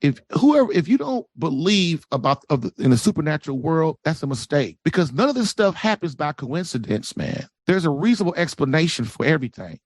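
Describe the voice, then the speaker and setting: A man giving relationship advice as a podcast guest, preachy and animated, acting out quoted voices. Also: fairly high pitch, brisk, hardly any pauses, no room sound.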